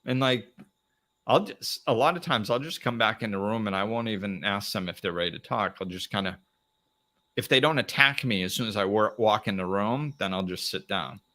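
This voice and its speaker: A man with a lowish voice and a brisk pace hosts a live motivational talk. He speaks plainly and animatedly, acting out little dialogues as he goes.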